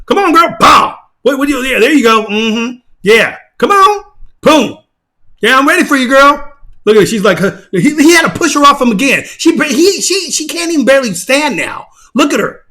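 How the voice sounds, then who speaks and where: High, bright-voiced excitable man. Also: moderate pace. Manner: excitable, laughing, repetitive. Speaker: channel host. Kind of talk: casual video commentary.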